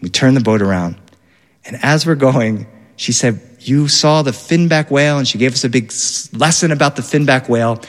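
A man telling a personal story about his family in an animated, vivid, run-on way. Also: mid-range voice, normal speed. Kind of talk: personal storytelling before an audience. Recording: long hall reverb.

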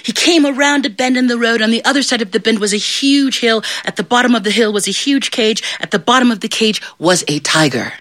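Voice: mid-range voice, fairly quick, hardly any pauses. A middle-aged storyteller telling a folk tale live to an audience, playful and quizzing the listeners. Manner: animated, playful, asks the audience questions.

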